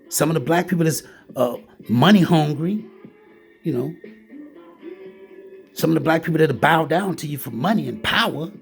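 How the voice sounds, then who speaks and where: Man, ranting monologue, heated and repetitive, raspy fry, faint music behind. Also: a little high. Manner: heated, repetitive, talks straight at the listener, keeps saying "man". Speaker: vlogger.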